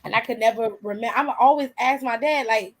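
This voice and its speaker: A woman in her forties, host, telling a story in casual chat, animated and profane, laughing often. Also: on the high side, fast, rough recording.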